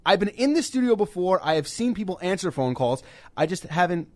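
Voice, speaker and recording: A man co-hosting a casual sports call-in show, rambling and joking at his own expense, often stumbling over his words. His voice sits a touch higher than most men's. The sound is close and dry. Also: sing-song, fairly quick, a little mellow, no room sound. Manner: rambling, self-deprecating, stammers and restarts. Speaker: radio show co-host. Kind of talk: casual sports radio chat. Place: small radio studio.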